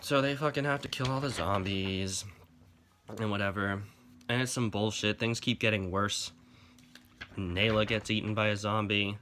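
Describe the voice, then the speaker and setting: A man's voice: on the low side, steady tone, moderate pace, bright, forceful tone, slight background noise. A man giving a casual, profane comic book review, exasperated and sarcastic as he rants.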